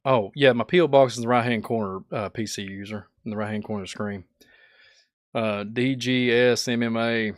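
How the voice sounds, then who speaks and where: A man with a sore, hoarse throat hosting a casual livestream, laughing often as he greets viewers in the chat by name. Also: mid-range voice, fairly even intonation, fairly quick, no room sound, clean studio sound. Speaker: livestream host.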